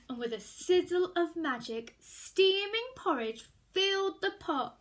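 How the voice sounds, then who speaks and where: A woman reads a children's story aloud in a high, expressive voice. Her pitch rises and falls a great deal, and she takes her time, slowing down to draw out each line. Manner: animated, expressive, sometimes hushed.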